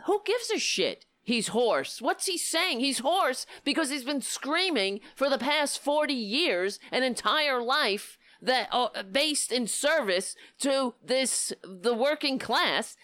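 A woman hosting a political talk show, giving impassioned, indignant commentary with a hoarse voice. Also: sits high, no echo. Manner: impassioned, indignant, rising to near-shouting.

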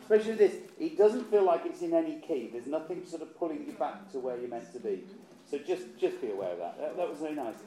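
A man's voice: a little high, expressive, fast talker, mellow. A man coaching a choir, chatty and encouraging, often repeating words as he thinks. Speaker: choir director. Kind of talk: choir rehearsal instruction. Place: rehearsal hall. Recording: echoey room with choir around.

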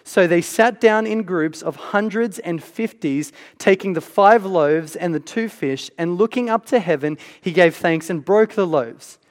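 A high-pitched man preaches to his congregation. He talks like he's chatting with them and keeps asking "right?" His voice rings out with a long reverb in a big hall. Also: a little slow, hardly any pauses. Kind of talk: sermon.

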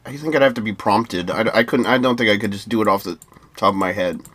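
A man's voice: fairly low pitch, fast, fairly bright tone, breathy edge. A man co-hosting a podcast, rambling and joking through a casual chat. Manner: joking, rambling talk with many fillers. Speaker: podcast co-host.

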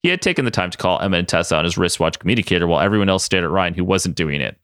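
A man's voice: sits low, animated, very fast, fairly bright tone, clean tone, dry recording, clean studio sound. A man podcast host reading a comic story aloud, laughing as he reads.

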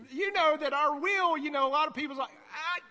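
High-voiced preacher in a reverberant hall. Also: male voice. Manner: conversational, animated, acts out voices in stories. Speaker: pastor. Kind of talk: sermon.

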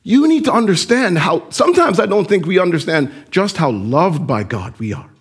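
A man preaching a sermon as pastor, animated and addressing the congregation with direct questions. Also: high voice, normal speed, breathy edge.

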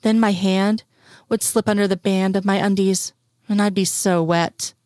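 A woman's voice: mid-range voice, steady tone, moderate pace, darkish tone, no echo, clean studio sound, lightly acted. A woman reading a story aloud, voicing a confident, teasing young woman in an intimate tone.

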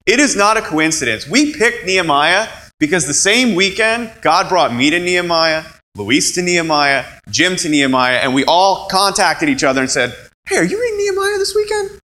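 Lively, animated male preacher. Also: fairly high pitch, moderate pace, low-quality recording. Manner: animated, acts out quoted voices. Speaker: pastor. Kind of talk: sermon.

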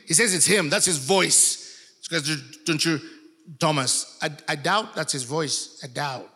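A man preaching a sermon, telling the story in an animated way with acted quotes. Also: a little high, measured pace, in a large hall. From Uganda. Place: church.

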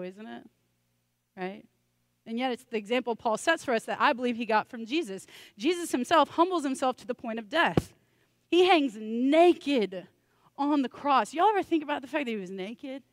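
A woman's voice: on the high side, dry recording. A woman pastor preaching a sermon in a conversational, joking way, with self-deprecating asides.

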